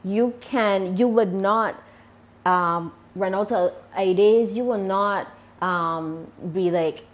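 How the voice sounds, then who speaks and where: A woman from Barbados, speaking with a Barbadian accent at a medium pitch, is a YouTuber guest answering interview questions about her channel. Her answers come out deliberate and measured.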